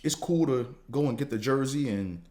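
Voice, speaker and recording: A man hosting a podcast, talking in a casual, slangy, profane monologue that rambles and jumps higher when he gets fired up. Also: moderate pace, a little mellow. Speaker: podcast host.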